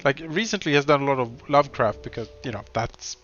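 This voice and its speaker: A man chatting casually as co-host of a game let's play, an animated storyteller who rambles and restarts often. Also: mid-range voice, quick pace, muffled recording, faint music behind. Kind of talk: casual gaming chat.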